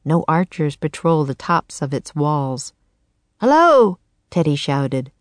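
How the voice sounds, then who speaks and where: Low-voiced woman narrating a storybook. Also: fairly even intonation, a little slow, dry recording. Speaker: audiobook narrator. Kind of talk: scripted narration.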